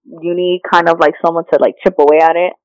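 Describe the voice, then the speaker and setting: A woman's voice: lowish voice, little pitch movement, fast, darkish tone, smooth, no echo, low-quality recording. A woman talking through her life as a coaching client, rambling and reflective, with many fillers and restarts. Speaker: coaching client and podcast guest. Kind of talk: casual reflective talk.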